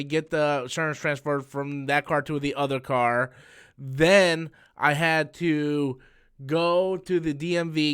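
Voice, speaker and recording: Smooth-voiced man rambling on a live stream. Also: on the high side, a bit bright. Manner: rambling storytelling with many fillers and restarts. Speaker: comics channel host. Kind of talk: casual live-stream chat.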